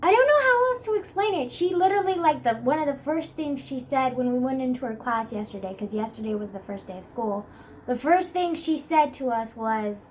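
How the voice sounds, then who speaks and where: A woman's voice: sits high, expressive, a little fast, slight background noise, low-quality recording. A teenage girl vlogging casually about school from her bed, rambling and dramatic with many fillers. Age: teens. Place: bedroom, sitting on a bed.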